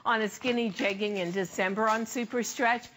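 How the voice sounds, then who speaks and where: An older woman, a designer and brand founder, giving an enthusiastic, emphatic home shopping sales pitch. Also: fairly even intonation, moderate pace, a bit bright, slight background noise.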